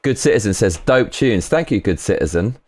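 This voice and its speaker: Excitable male streamer, lowish voice with lively pitch, talks over a faint track in his home studio. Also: moderate pace, background noise. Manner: excitable, laughing, swearing, reading chat aloud. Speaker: streamer making music live. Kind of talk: casual livestream chat.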